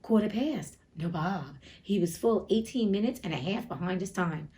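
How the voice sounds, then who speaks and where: A woman's voice: mid-range voice, lively intonation, moderate pace, mellow. Chatty, blunt woman hosting a casual book read-aloud with frank commentary. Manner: chatty, blunt, swears in asides. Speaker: host reading classic books aloud.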